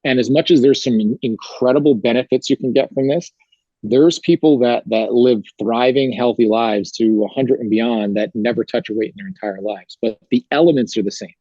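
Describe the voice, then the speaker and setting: A man's voice: medium pitch, moderate pace, warm tone, breathy edge, dry recording, muffled recording. A male fitness coach explaining his training approach in an interview, talking energetically with plain, repeated phrases. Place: gym.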